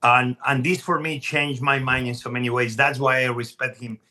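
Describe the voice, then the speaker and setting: Bright, animated man telling stories. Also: mid-range voice, moderate pace. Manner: animated, emphatic, restarts sentences. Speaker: chef guest. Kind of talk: casual podcast storytelling.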